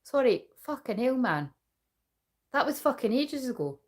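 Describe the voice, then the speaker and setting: A woman's voice: high-pitched, big pitch swings, normal speed. Chatty, foul-mouthed woman reading tarot. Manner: casual, chatty, swears freely; talks to viewers and chat while reading cards. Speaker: tarot reader.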